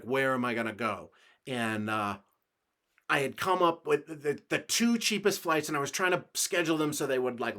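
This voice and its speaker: A man's voice: medium pitch, fairly bright tone. A man from the United States hosting his own podcast, rambling through a travel story in a loose, casual way, swearing now and then and laughing along. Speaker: podcast host.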